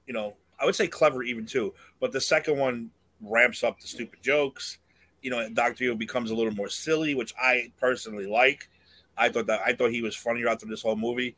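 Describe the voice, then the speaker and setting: A man's voice: medium pitch, steady tone, a little fast, pushed and bright, dry recording. A man co-hosting a podcast, chatting casually and animatedly, laughing often as he jokes. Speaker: podcast co-host. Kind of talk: casual chat.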